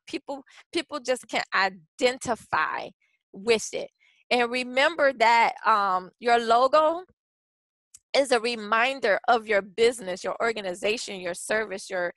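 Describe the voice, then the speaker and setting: A woman's voice: fairly high pitch, fairly bright tone, dry recording, low-quality recording. A woman presenting a branding workshop in a chatty, casual way, with frequent restarts and fillers. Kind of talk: casual webinar teaching.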